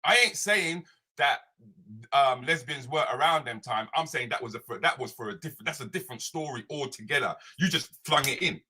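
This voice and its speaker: A man's voice: medium pitch, animated, a little fast, sharp tone, slightly rough. A British comedian ranting on a live show, repeating his points and asking "yeah?" and "right?" constantly. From Britain. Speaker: comedian and social commentator hosting a live show. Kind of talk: animated solo rant. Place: home, streaming live online.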